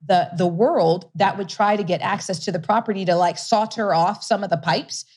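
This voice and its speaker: A woman being interviewed as a guest, telling a story in an animated way, laughing often and repeating words for emphasis. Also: mid-range voice, normal speed. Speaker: guest, company CEO.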